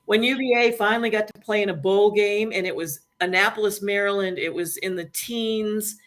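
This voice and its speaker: A woman speaks as a guest on a casual show, reliving a personal story. She gets emotional and animated, putting on the voices of the people she quotes. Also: medium pitch, moderate pace. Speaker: guest, dialysis industry worker.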